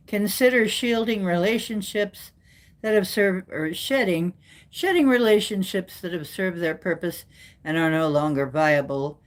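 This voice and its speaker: Unhurried low-voiced woman reading cards. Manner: playful, slips into joking voices. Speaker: host reading oracle cards. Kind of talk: casual chat and reading cards aloud.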